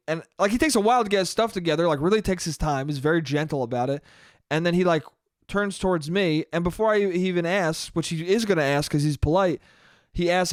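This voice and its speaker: A man's voice: high voice, fairly quick, no room sound, studio quality. A young man hosting a solo podcast, rambling in a profane, self-mocking way. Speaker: podcast host. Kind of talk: solo comedic monologue.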